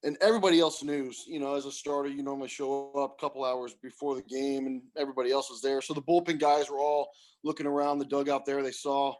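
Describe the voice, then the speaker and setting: A middle-aged man, a former pitcher, telling a story casually and acting out the coaches he quotes. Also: quick pace. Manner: animated, acts out quoted coaches. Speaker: former pro pitcher guest.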